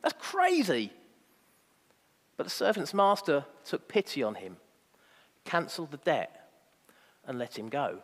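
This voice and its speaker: A man's voice: fairly high pitch, big pitch swings, moderate pace, long pauses, in a large hall. A man preaching a sermon, emphatic and fond of rhetorical asides.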